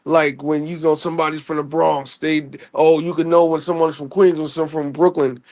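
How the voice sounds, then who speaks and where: Brief: New man, hip hop guest, high and gravelly, animated storyteller. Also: fairly quick. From New York. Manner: animated, laughs often, long run-on stories. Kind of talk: casual podcast chat.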